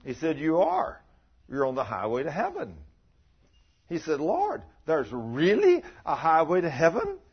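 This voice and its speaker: A man's voice: a little high, huge pitch swings, unhurried, breathy edge. An older man preaching a folksy sermon, telling stories and asking his listeners questions. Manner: storytelling, asks the listeners questions. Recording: muffled lo-fi recording.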